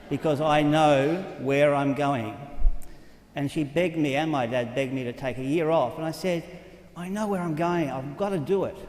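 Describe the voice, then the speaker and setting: An older Australian priest tells his story in an earnest, conversational manner, his voice sitting a little high. He speaks in a large hall, and the sound rings with a long, roomy reverb. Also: darkish tone. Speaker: Catholic priest. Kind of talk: storytelling talk.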